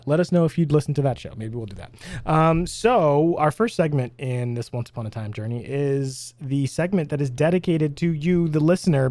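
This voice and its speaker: A woman's voice: low-pitched, mellow, no room sound. A woman co-hosting a casual podcast, talking in a rambling, giggly way with lots of fillers. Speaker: podcast co-host.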